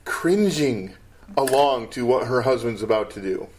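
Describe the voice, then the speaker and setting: Man, podcast co-host, casual film chat, animated, lively pitch, laughs a lot. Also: unhurried. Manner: animated, laughs often, quotes film lines.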